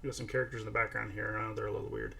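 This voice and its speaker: A man's voice: on the low side, flat delivery, rapid-fire, creaky, pushed and bright. A man hosting a casual screen-share tutorial, chatting his way through each step and talking to a toddler at his side. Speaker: AI art tutorial host.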